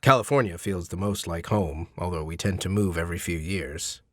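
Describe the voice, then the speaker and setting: A man's voice: normal speed, a bit bright, no echo. A man voicing a composed young male student who answers in a dry, understated way, in an audiobook. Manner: low-key, dry, understated.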